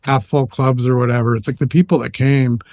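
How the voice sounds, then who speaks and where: A man's voice: mid-range voice, fairly even intonation, fairly quick, a little mellow, no echo. A middle-aged man telling stories in a casual chat as a podcast guest, rambling and restarting often, livening up as he recalls things.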